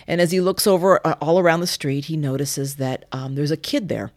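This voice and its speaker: A woman who runs a yoga studio, telling a story in an animated way on a podcast. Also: sits low, brisk, no room sound. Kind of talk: casual storytelling chat.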